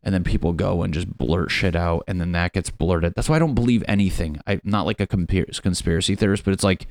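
A man's voice: sits low, steady tone, fairly quick, a little mellow, no echo. A young adult man ranting in a rambling, profane, comedic monologue full of fillers.

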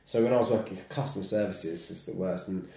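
A podcast host with a low voice chats casually and agrees readily with his guest. His voice carries a roomy echo indoors. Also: brisk, creaky, warm tone.

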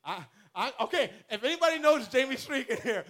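A man's voice: extremely high pitch, fairly quick. A man speaking at a youth camp, telling a comic personal story and acting out the voices in it. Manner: animated, acts out the voices in his stories.

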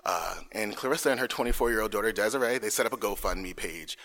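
A man co-hosting a true crime podcast, recounting a case in casual chat, halting, with many fillers and jokey asides. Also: fairly low pitch, a bit bright. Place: in front of a live audience.

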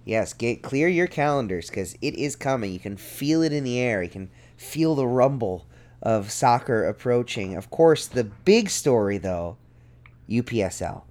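A man's voice: medium pitch, darkish tone. A man hosting a soccer podcast in a casual, upbeat and welcoming way. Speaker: podcast host.

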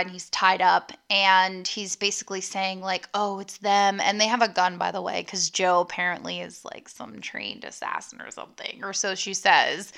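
A woman's voice: mid-range voice, bright, forceful tone, clean tone. A young woman casually recapping a horror movie to her viewers, with lots of ums and likes and the odd swear word. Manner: talks straight to her viewers.

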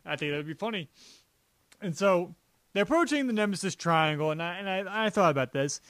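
A man co-hosting a podcast in casual, rambling chat, sarcastic and quick to laugh. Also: high voice, lively intonation, fairly bright tone, dry recording. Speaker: podcast co-host.

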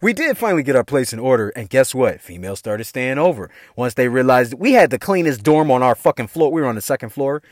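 A man's voice: mid-range voice, big pitch swings, fast talker, few pauses, dry recording, clean studio sound. A man telling a funny personal story in a casual, slangy, heavily profane way, laughing often. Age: adult parent. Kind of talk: casual comedic storytelling monologue.

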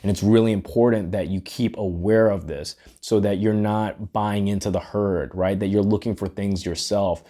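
A man with a low-set, warm and mellow voice delivers a reflective solo podcast monologue. His manner is earnest and musing, and he keeps nudging the listener with "right?". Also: fairly even intonation, moderate pace, hardly any pauses. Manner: earnest, musing, often tags lines with "right?". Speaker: podcast host.

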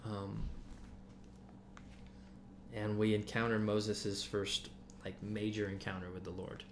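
A man's voice: fairly low pitch, little pitch movement, slow pace, slight background noise. A man giving casual Bible teaching to a group, talking loosely with many fillers and restarts.

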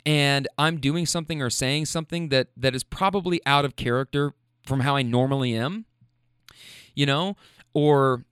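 A man's voice: on the high side, a bit bright, clean tone, no echo, studio quality. A man speaking candidly in a casual monologue, swearing freely and often checking in with "right?".

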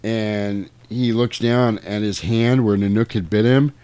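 Lively, lower-voiced man telling a movie recap, very dry close mic. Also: unhurried, clean tone, dry recording. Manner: animated, jokey storyteller. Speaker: podcast co-host.

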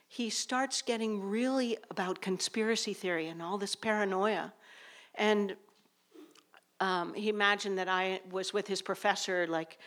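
A woman's voice: mid-range voice, fairly bright tone. A woman telling a personal story on a theater stage to a live audience, hesitant and full of fillers.

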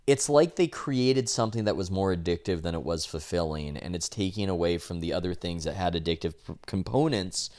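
Young man, low voice, smooth and resonant, podcast co-host, casual, stammering restarts. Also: animated, brisk, hardly any pauses, darkish tone.

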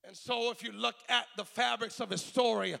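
A man preaching a sermon, shifting between a low, intimate delivery and shouted, sing-song whooping, with "uh" filling his pauses. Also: steady tone, gravelly, long reverb tail. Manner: fills pauses with "uh". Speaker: pastor.

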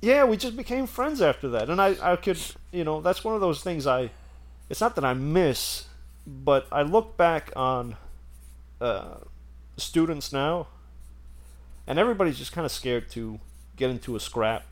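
A man's voice: a little high, animated, a little slow. A man telling a story in casual chat, rambling and laughing as he goes.

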